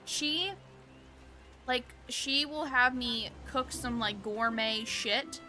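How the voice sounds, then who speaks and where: A woman who is a parent, livestreaming a game, telling animated stories and acting out quotes while swearing freely. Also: fairly high pitch, takes it slowly, soft background music. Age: adult, parent of a young child. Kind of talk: casual chat on a gaming stream.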